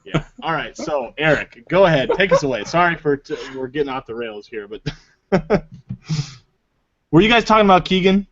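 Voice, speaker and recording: A man's voice: fairly high pitch, expressive, normal speed, fairly bright tone. A man bantering goofily in a casual chat, speaking close to his mic on an online call. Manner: goofy, joking. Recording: dull lo-fi online call audio.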